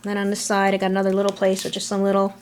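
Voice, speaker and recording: A middle-aged woman chatting casually through a scrapbook album, relaxed, trailing off between items, recorded on a camera mic at home. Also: medium pitch, very fast, slight background noise. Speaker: crafter showing a scrapbook album. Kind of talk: casual show-and-tell narration.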